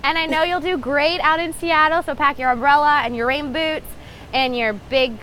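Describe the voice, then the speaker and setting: Woman, high bright voice, cheerful playful goodbye. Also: steady tone, normal speed, a little hiss or hum, rough recording. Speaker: coworker. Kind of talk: recorded farewell message.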